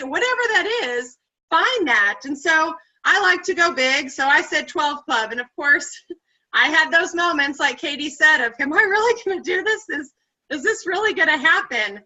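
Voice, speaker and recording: A woman's voice: high-pitched, sharp tone. A woman on a video call, sharing her business success with her team in an upbeat, earnest way. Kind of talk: motivational call talk. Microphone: computer mic on video call. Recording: muffled video call audio.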